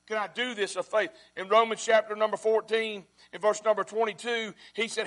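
Pastor, man, high voice; sermon delivery that repeats lines and swings from loud to hushed. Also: fairly even intonation, fast, few pauses.

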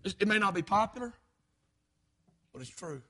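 A male preacher delivering a sermon in a church auditorium, building to loud, impassioned peaks and dropping low for emphasis. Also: expressive, moderate pace, husky.

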